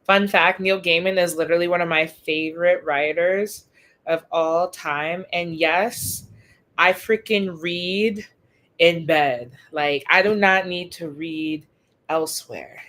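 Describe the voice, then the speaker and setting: A young woman chats to her livestream audience from her bed. She talks casually and eagerly, full of slang, with an unhurried, drawn-out pace. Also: lowish voice. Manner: excitable, slangy, chatty with frequent "y'all". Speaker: livestream host. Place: in bed at home.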